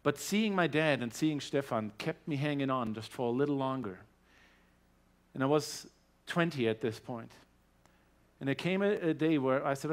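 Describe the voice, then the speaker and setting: A man with a German accent giving a personal testimony in a church service, earnest and growing animated as his story builds. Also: medium pitch, normal speed. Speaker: guest speaker sharing his testimony.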